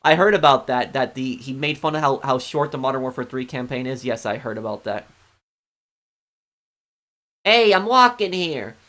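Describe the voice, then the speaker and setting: A man's voice: mid-range voice, steady tone, a little fast, few pauses, a bit bright. A man streaming a game and chatting casually with viewers, often hesitating and restarting sentences. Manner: hesitant, many ums and restarts, answering chat. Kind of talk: casual live-stream chat.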